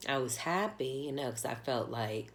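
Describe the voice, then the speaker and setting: Woman, very low voice, near tears, emotional storytelling, rambling with fillers. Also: lively intonation, normal speed, a little hiss or hum. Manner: heartfelt, rambling, with many fillers. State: close to tears. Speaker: vlogger telling a personal story.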